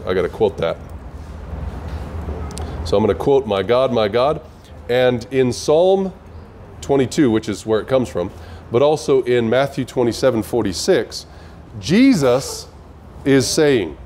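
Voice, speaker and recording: A man's voice: medium pitch, a little mellow, slight background noise. A man teaching a Bible study, emphatic and full of rhetorical questions to his listeners.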